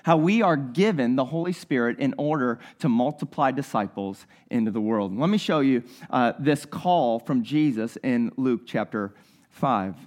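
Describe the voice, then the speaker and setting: A man's voice: mid-range voice, expressive, moderate pace, darkish tone. A man preaching a sermon as pastor, earnest and talking straight to the congregation, often repeating his phrases.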